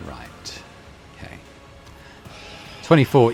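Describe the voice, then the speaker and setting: A man hosting a let's play video, reading game text aloud and commenting offhand in a relaxed way. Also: on the low side, a little slow, creaky, long pauses, soft background music. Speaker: gaming video host.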